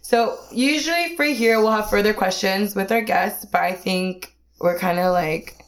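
Young woman, casual podcast host, laughs a lot, teasing, medium pitch. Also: moderate pace. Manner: giggly, teasing. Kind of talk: casual chat.

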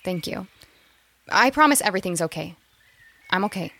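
A woman's voice: medium pitch, lively intonation, moderate pace, gravelly, pushed and bright, full character voice. An actress playing a chatty young mother in an audio drama who talks with nervous little laughs. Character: eager young mother, psychology graduate.

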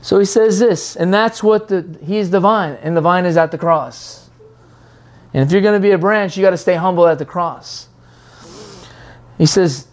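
A preacher giving a sermon in an animated, rambling way, acting out quoted voices with frequent restarts. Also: mid-range voice, normal speed.

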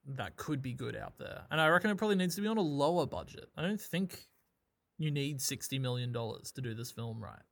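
A man chatting casually about a film, wry and quick to laugh. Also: medium pitch, animated, gravelly, dry recording. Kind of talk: casual film review chat.

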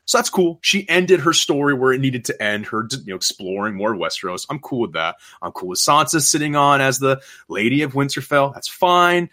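Podcast guy ranting about a show ending, swears a lot, bright voice jumping all over. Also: medium pitch, brisk, hardly any pauses. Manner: animated, profane, acts out scenes. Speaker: podcast host. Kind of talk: casual chat.

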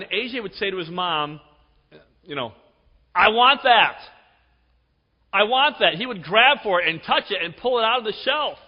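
A middle-aged man preaching a sermon, telling stories with emphasis and dropping to a hush for effect. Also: high voice. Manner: storytelling, emphatic, with dramatic drops to a hush. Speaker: pastor. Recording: dull recording with long hall reverb.

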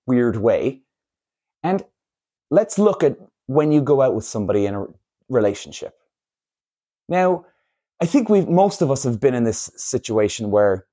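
A man hosting a casual monologue, animated and acting out little scenes in voices. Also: medium pitch. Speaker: podcast host.

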